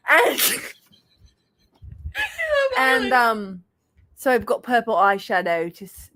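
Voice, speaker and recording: A woman's voice: a little high, a bit bright. A young woman with a slight lisp from aligners who hosts a book club livestream, chatting casually, laughing often and losing her thread. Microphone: computer mic on a livestream.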